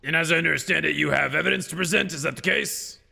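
A man's voice: on the high side, fast talker, vocal fry, heavily acted. A man playing a hesitant, stumbling judge in an improvised courtroom sketch. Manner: hesitant, stumbling, with sudden shouts of order. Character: bumbling male courtroom judge.

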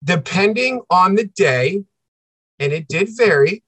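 A man's voice: high voice, lively intonation, slow pace, fairly bright tone, husky, no echo. A man as a podcast guest, telling a personal story with intensity, repeating phrases and acting out what people said. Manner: intense, repeats phrases, acts out quoted dialogue.

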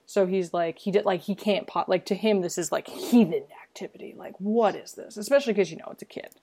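A woman co-hosting a casual chat about a film, animated and laughing, swearing casually. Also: medium pitch, brisk, slight background noise. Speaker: podcast co-host.

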